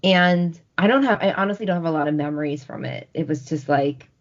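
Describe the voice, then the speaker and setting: A woman's voice: low voice, brisk. A woman in her forties, co-hosting a podcast and telling stories in a casual chat, often laughing. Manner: laughing, lively storytelling. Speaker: podcast co-host. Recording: dull lo-fi recording.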